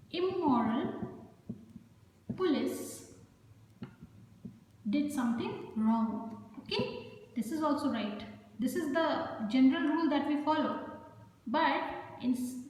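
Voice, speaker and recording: A woman teaching an English grammar lesson, patiently repeating points and often saying "okay" and "you know.". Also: sits high. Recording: echoey room with long reverb.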